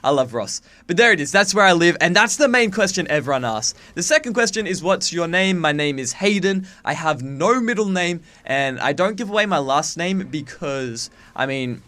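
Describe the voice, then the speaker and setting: A man's voice: fairly high pitch, lively intonation, moderate pace, hardly any pauses, sharp tone. A nineteen-year-old man from Australia with a faint, watered-down Australian accent, chatting casually into his webcam and swearing freely. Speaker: YouTuber. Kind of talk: casual chat to camera.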